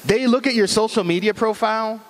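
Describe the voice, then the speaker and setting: At a cyber safety talk in a large hall, a middle-aged man with a high-sitting voice speaks briskly. His talk on internet safety is casual and chatty, packed with jokes and slang.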